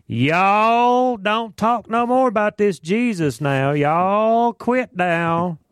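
A man voicing finger-wagging male council elders who scold in a slow, drawling way. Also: sits high, animated, clean tone, no echo, studio quality, pitched above the performer's own voice, heavily acted.

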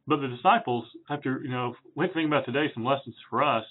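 A man preaching through a Bible passage in a relaxed, chatty way, with fillers and self-corrections. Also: medium pitch, fast. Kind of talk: conversational Bible teaching. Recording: tinny phone-like sound.

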